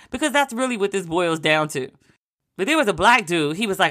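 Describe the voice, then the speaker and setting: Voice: mid-range voice, expressive, normal speed, bright, forceful tone. An American podcast host in a profane, exasperated comedic rant, firing off incredulous rhetorical questions. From United States.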